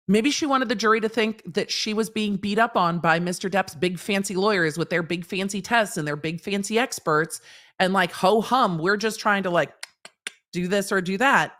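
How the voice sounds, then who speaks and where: A woman's voice: mid-range voice, a bit bright. A woman lawyer hosting a stream, reading court transcripts aloud and breaking them down in a blunt, sarcastic, lecturing way with everyday examples and casual swearing. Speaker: lawyer commentator and show host.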